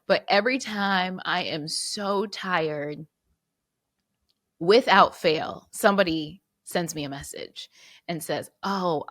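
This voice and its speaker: A woman's voice: lowish voice, takes it slowly, fairly bright tone, dry recording, studio quality. A woman hosting her podcast solo, reflecting earnestly and fighting back tears, with restarts and repeated words. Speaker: podcast host.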